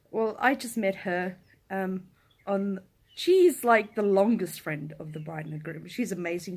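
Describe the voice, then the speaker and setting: A young woman telling a story to camera in a casual rant, swearing, laughing and acting out what people said. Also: on the low side. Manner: animated, swears, breaks into laughter, acts out quotes in shouts. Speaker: vlogger. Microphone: camera in front of her.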